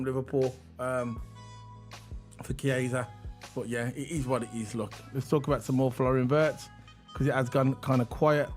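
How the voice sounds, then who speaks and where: A man co-hosting a casual livestream, chatty and rambling, hyping the chat and reading transfer news. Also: fairly high pitch. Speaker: livestream co-host.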